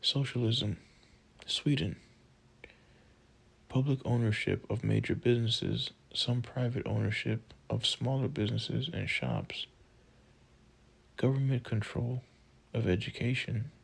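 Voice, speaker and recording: A man narrating a textbook audiobook, reading list items in a slow, measured way. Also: mid-range voice, creaky, slightly rough, low-quality recording.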